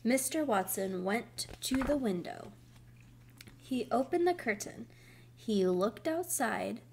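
Slow, gentle woman reading a storybook. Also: on the high side, gravelly, husky. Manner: slow, careful, expressive. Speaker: storybook reader. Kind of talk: reading a children's book aloud.

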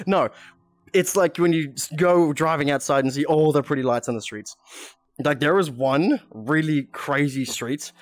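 A man's voice: on the high side, moderate pace. A young Australian man chatting casually on a live stream, laughing often and reading chat aloud.

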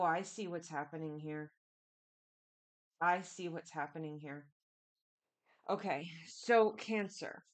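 A woman giving a casual tarot reading, chatty and repetitive, speaking straight to the listener. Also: medium pitch. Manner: chatty, repetitive, keeps addressing the listener directly. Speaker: tarot reader.

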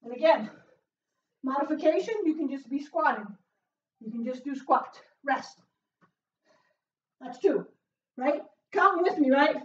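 A woman leading a home workout as a fitness instructor, cheering with loud whoops and getting out of breath as she exercises. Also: high voice, expressive, a little slow, long pauses. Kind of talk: live workout coaching. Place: small closed room at home. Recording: roomy, distant, dull sound.

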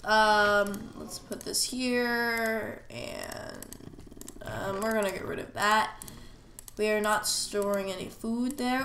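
A woman's voice: mid-range voice, level tone, a little slow, fairly bright tone. A woman with a cold-stuffed nose giving casual gameplay commentary, chatting to herself as she plays. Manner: chatty, talks to herself while playing. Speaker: gamer. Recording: roomy echo, faint noise.

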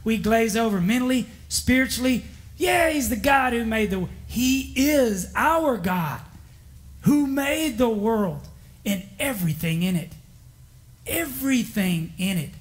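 A man preaching a sermon in a folksy, emphatic way, repeating his key lines and chuckling between them. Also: high-pitched. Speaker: pastor. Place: church.

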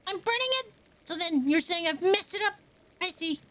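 A woman voicing a fussy, proud young woman cook in a video game, reading her lines aloud in a high, chirpy, indignant voice. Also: animated, normal speed, a bit bright, faint music behind.

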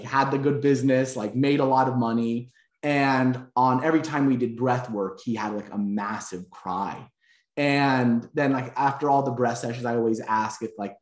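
A man, a breathwork instructor, telling stories in a reflective, earnest way during a casual interview. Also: mid-range voice. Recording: roomy echo.

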